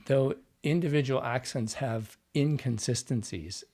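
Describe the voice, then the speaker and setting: A man's voice: medium pitch, unhurried, a little mellow. A man being interviewed as a dialect coach, explaining his craft step by step in a teaching manner. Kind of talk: podcast interview conversation.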